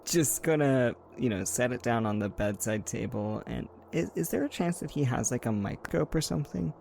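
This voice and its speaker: A man's voice: mid-range voice, animated, moderate pace, gravelly, darkish tone, slight background noise. A man playing a tabletop game, casually describing his character's actions with lots of "like".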